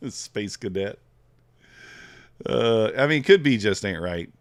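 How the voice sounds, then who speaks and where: A fairly low-pitched male voice with lively intonation moves slowly here. The speaker is a futures trader streaming live, casually thinking aloud and chatting with his viewers as he trades.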